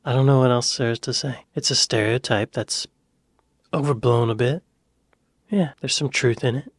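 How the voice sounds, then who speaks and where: American dude reacting to a vid, kinda hesitant and thinking out loud, dead dry room. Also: male voice, mid-range voice, fairly even intonation, moderate pace, breathy edge, dry recording. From United States. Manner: musing, hesitant, chuckling asides. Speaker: reaction video host. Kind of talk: casual reaction commentary.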